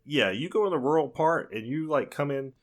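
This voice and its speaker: A man's voice: on the high side, lively intonation, brisk. Insistent man in casual podcast chat. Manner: earnest, insistent, repeats himself. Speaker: podcast co-host. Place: lives in North Carolina.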